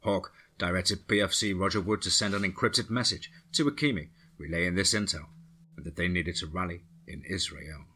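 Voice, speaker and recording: A man narrating a dark action story for a horror podcast with a steady, dramatic delivery. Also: low voice, moderate pace, breathy edge.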